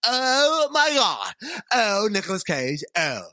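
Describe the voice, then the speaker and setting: A man voicing an ancient male alien warrior, speaking in halting, gasping exclamations. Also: high-pitched, wildly swooping pitch, sharp tone, dry recording, studio quality, voice pushed up, full character voice. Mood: stunned.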